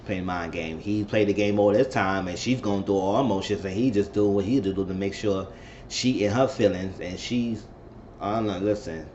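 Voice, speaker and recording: A man's voice: on the low side, fairly even intonation, normal speed, a little mellow, dull audio, a little hiss or hum. A man casually recapping a TV episode, chatty and rambling, acting out the quotes as he goes. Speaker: TV episode reviewer.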